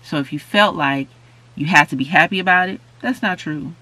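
A woman's voice: low voice, normal speed, sharp tone, dry recording, poor audio. A woman preaching in an informal, conversational way, earnest and repetitive, building to emphatic peaks.

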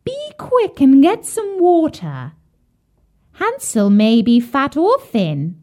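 A woman's voice: high voice, wildly swooping pitch, slow, darkish tone, pitched above the performer's own voice, heavily acted. A woman putting on a wicked old witch. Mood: shrill bossy. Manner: jeering, cackling and bossy. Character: wicked old witch who eats children.

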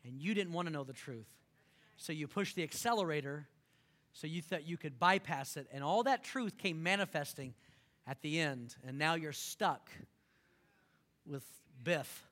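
A man from Texas, preaching a sermon in an animated, repetitive way and calling on the congregation to repeat after him. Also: fairly high pitch, normal speed. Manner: animated, repetitive, calls for audience response. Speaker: pastor.

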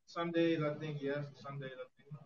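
A man's voice: a little high, fairly even intonation, normal speed, crowd noise. A man chatting casually on a podcast, blunt and candid about his views. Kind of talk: casual chat. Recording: lo-fi audio.

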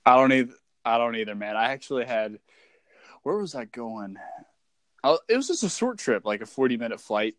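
A man's voice: medium pitch, lively intonation, brisk, no echo. Young man, loose profane chatter. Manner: profane, repeats himself, laughs often. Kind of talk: casual chat.

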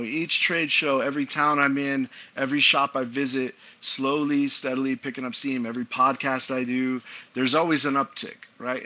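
Laid-back slangy man, bright tone. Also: medium pitch. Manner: laid-back, slangy, calls people dude, swears freely; self-described enthusiast, talks with quick asides. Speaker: guest, cigar company owner. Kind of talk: casual interview chat.

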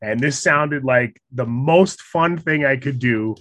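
A man's voice: mid-range voice, slow, fairly bright tone, no room sound. A man in a casual chat, recounting a hard outdoor trip with self-mocking humor and frequent laughter. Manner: laughs often, self-deprecating.

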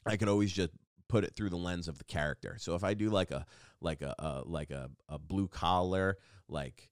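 A man's voice: sits low, moderate pace, clean tone, no echo, clean studio sound. A man hosting a casual solo podcast, rambling and self-deprecating with lots of restarts. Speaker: podcast host.

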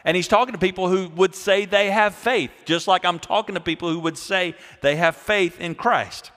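A man's voice: high voice, normal speed. Emphatic male pastor in echoing hall. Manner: emphatic, repeats key phrases, swings between loud and quiet. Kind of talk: sermon. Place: church sanctuary. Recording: long hall reverb.

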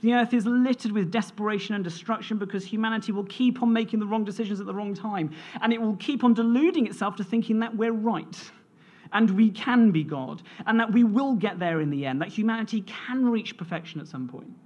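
Earnest, expressive preacher. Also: medium pitch, brisk, dull audio. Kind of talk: sermon.

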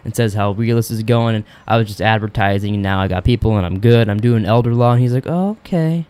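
A young man co-hosting a podcast, rapidly retelling an episode and acting out the characters' lines, swearing freely. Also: fairly low pitch, flat delivery, a little mellow, clear, resonant tone. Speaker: podcast co-host. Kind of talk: casual chat recapping a TV episode.

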